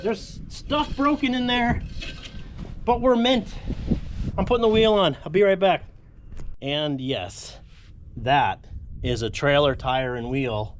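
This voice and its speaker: A man hosting a casual car restoration vlog, talking to viewers in a chatty, jokey way while he works outdoors in a yard. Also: mid-range voice. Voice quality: deaf in one ear. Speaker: car restoration channel host. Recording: wind and work noise outdoors.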